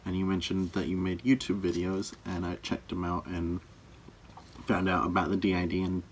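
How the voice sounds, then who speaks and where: In a couple's tag video, a young man chats casually with his girlfriend, teasing her in a dry way. His low voice is completely flat at a normal speed, with slight background noise.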